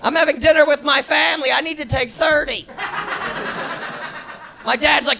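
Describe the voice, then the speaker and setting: A man doing a stand-up comedy set, shouting his punchlines and jumping into squealing character voices. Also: very high-pitched, steady tone, unhurried, creaky, long pauses. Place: comedy club stage before a laughing crowd. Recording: live club recording with crowd noise. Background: audience laughter.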